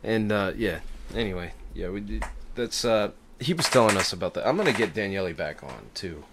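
A young man with a fairly low voice talks loosely on a podcast, rambling from one thought to the next and swearing offhandedly. A faint hiss sits under the recording. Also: animated, a little fast. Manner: laid-back, rambling, swears casually. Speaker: podcast host. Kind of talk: casual chat.

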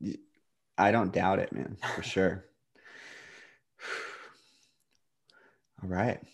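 A man talking casually as a podcast co-host, his voice a little husky and on the low side. He keeps things relaxed, laughs often and lets his sentences fade out softly. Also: very slow. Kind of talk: casual chat.

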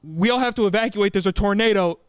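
A young man with a high, smooth voice tells a story in casual chat. He acts out quotes and laughs often. The sound is dry and close. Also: quick pace, dry recording.

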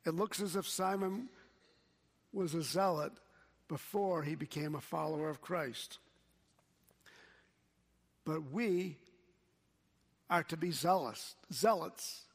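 High, gravelly-voiced male pastor preaching. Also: in a large hall. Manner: slow, measured preaching with quoted scripture. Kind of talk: sermon.

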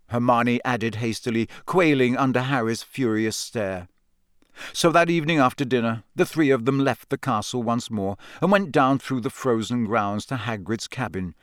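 A man narrating an audiobook in a lively, expressive way. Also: mid-range voice, normal speed, dry recording, clean studio sound. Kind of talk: scripted narration.

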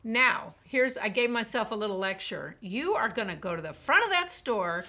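A woman guest on a podcast, talking about burnout and telling lively stories in which she quotes herself. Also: fairly high pitch, moderate pace. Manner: animated storyteller, quotes herself vividly. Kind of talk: podcast interview, storytelling.

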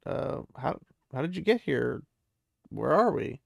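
A man giving voice to a stubborn young hero, confused and resentful, with a gravelly edge and a dry, close sound, told as a casual spoken fantasy retelling. The figure speaks indignantly and barely hides his bitterness. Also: mid-range voice, expressive, measured pace, dry recording, full character voice.

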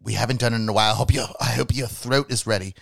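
A man's voice: medium pitch, fairly even intonation, rapid-fire, vocal fry, dry recording, studio quality. A man co-hosting a podcast in casual comedic chat, playful and often putting on a mock-fancy posh voice in sing-song. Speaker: podcast co-host.

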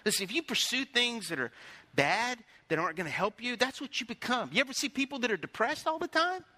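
A middle-aged male pastor preaching in a folksy, storytelling way, pressing the congregation for responses. His voice sits very high and sounds very bright and sharp. The sound is close and dry. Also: expressive, quick pace, no echo. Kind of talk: sermon.

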